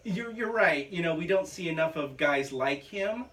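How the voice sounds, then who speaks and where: A man co-hosting a casual film podcast, talking eagerly but haltingly as he hunts for names. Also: fairly high pitch, expressive, a bit bright, far from the mic. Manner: enthusiastic, halting, searching for names. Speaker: podcast co-host.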